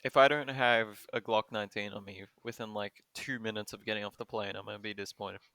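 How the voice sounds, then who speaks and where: A man's voice: lowish voice, steady tone, quick pace, bright, forceful tone, dry recording. A man with an Australian accent co-hosting a podcast, wry and chuckling. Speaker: podcast co-host. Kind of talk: casual podcast chat.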